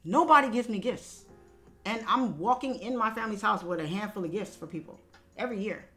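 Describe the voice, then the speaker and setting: A young woman talks straight to her viewers in an emphatic, unfiltered way and swears freely as she vents. Her pitch sits in the middle of the usual range. Faint music plays underneath. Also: animated, fairly quick, pushed and bright. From Haitian family background. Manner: candid, emphatic, frequent swearing. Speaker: livestream trading host. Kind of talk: casual personal storytelling.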